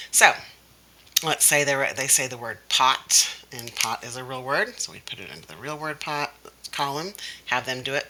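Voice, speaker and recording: A woman kindergarten teacher talks through workbook pages in an instructional way, breaking words into their separate sounds as she goes. Her voice is very bright and sharp. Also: rumbling low, low-quality recording. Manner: explains step by step, sounding out letter sounds.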